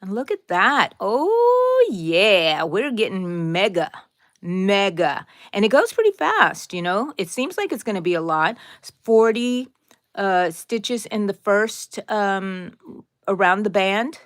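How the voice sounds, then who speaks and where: A woman's voice: medium pitch, lively intonation, a little slow, dry recording, clean studio sound. A middle-aged woman hosting a casual live crochet tutorial, chatting, drifting into side stories, and answering viewers by name.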